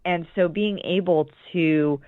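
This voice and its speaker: A woman's voice: on the low side, slow pace, no room sound. A woman coach explaining her approach in a casual interview, thoughtful and restarting her sentences often. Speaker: business coach. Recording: tinny phone-like dry line.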